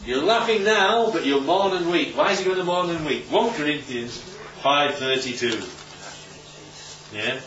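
A man's voice: a little high, a little slow, a bit bright, slight background noise. A male preacher giving an informal Bible talk, conversational and often checking in with his listeners. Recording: roomy, distant, dull recording.

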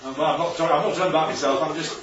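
The voice is a man's, fairly high and steady in tone, delivered rapid-fire with a crowd audible behind him. As a preacher teaching the Bible to a small church group, he questions them nonstop and cracks jokes. The lo-fi room sound is dull, distant and roomy.

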